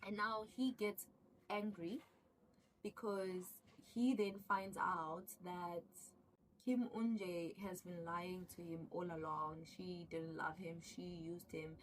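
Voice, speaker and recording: A woman vlogger recapping a TV series in casual chat with viewers, excitable, often repeating herself and stumbling over words. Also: fairly low pitch, takes it slowly, distant mic, a little hiss or hum, low-quality recording.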